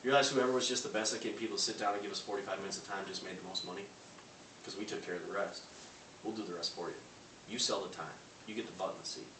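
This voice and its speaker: A man giving a loud, punchy sales pep talk to a live audience, acting out phone calls. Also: sits low, fairly even intonation, very fast. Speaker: motivational speaker. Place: large room before a live audience. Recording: echoey hall from far off, faint noise.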